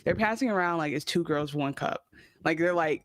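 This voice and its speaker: A co-host of a casual TV recap podcast, joking quickly and dropping pop-culture references. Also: mid-range voice, a bit bright, no echo, clean studio sound.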